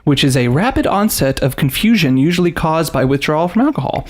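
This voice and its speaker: A man's voice: fairly high pitch, brisk. A man hosting a casual podcast chat, telling stories with lots of laughter and reading facts aloud. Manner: animated storyteller, laughs often, reads facts aloud. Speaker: podcast host.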